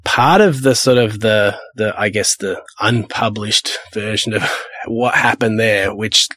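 A man's voice: on the low side, a little slow, fairly bright tone, no room sound. A man from Perth, a music producer and label owner who tells rambling, anecdotal stories in a casual interview. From Perth, Australia. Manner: rambling, anecdotal, acts out the people in his stories.

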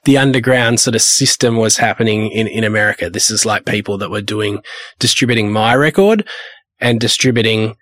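A man's voice: lowish voice, a little fast, fairly bright tone, no echo. A man from Perth, a music producer and label owner who tells rambling, anecdotal stories in a casual interview. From Perth, Australia. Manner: rambling, anecdotal, acts out the people in his stories.

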